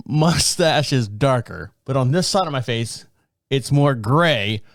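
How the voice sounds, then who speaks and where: Recorded dry and close with no echo in a home studio, a middle-aged man with a mid-range voice delivers a casual solo podcast rant. He rambles, curses freely and tells his stories with exasperation.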